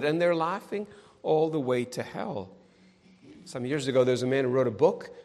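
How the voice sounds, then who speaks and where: A middle-aged man preaching a sermon, emphatic and pointed, often turning his statements into sarcastic tag questions. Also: on the high side. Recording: long hall reverb.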